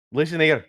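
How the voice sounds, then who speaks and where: A slightly high-voiced man plays a tabletop game. He gets excitable and laughs often between his turns. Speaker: player.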